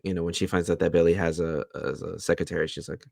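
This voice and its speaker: A man with a very low, gravelly voice co-hosting a TV recap, calmly walking through the plot with plenty of fillers. The recording is dry and close. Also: quick pace, no room sound. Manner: steady plot retelling with fillers. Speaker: podcast co-host. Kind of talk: casual TV recap chat.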